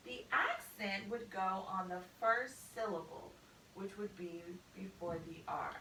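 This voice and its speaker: A woman's voice: medium pitch, expressive, a little slow, roomy sound, far from the mic, background noise. A woman teacher giving a patient spelling lesson to a student, spelling out words letter by letter.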